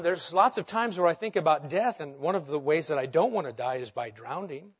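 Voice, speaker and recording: A man preaching a sermon, asking rhetorical questions and swinging between loud and hushed delivery. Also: a little high, a little fast, hardly any pauses, slightly rough, dull audio. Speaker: pastor.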